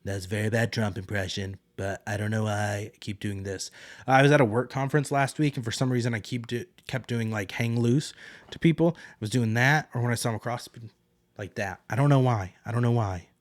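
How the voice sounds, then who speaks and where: Man, podcast host, lowish voice, casual episode recap, blunt, self-mocking, dry close sound. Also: a little fast, dry recording. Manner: chatty, paraphrasing characters in a loose offhand way.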